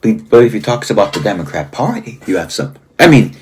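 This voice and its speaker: A man, a pastor, giving confrontational commentary, scolding someone and repeating their name, and slowing down to stress key phrases. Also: lowish voice, big pitch swings, darkish tone, husky. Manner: slow, deliberate emphasis on key phrases. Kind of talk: confrontational commentary and reading aloud.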